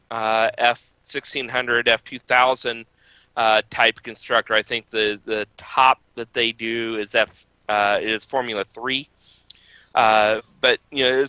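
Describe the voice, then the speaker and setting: A man with a bright, smooth voice talks through a casual motorsport podcast, stopping often on fillers as he gathers his thoughts. He speaks slowly, and the dry recording keeps him close. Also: medium pitch, dry recording, poor audio. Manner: hesitant, many filler pauses. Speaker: podcast co-host. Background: baby crying.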